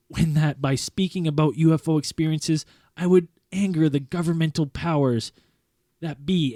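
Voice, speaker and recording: A man's voice: a little high, a little mellow, dry recording, clean studio sound. A man hosting a podcast, reading a story aloud in an earnest tone that keeps breaking into laughter. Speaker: podcast host. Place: podcast studio.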